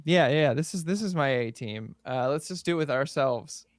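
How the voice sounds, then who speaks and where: A man co-hosting a podcast in casual banter, pausing with frequent ums. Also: a little high, no room sound. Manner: hesitant, many ums. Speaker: podcast co-host.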